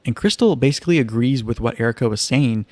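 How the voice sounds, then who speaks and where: A man's voice: medium pitch, fast, no room sound. A man hosting a casual live-streamed recap of a reality show, chatty and loose with wry asides. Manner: chatty, loose, leans on "kind of" and "like"; relaxed storytelling with wry asides.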